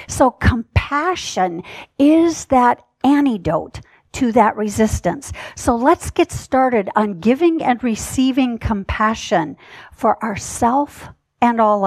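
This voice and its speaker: Woman minister, slow measured sermon, fairly high voice, dry close sound. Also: dry recording. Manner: gentle, measured, emphatic lists.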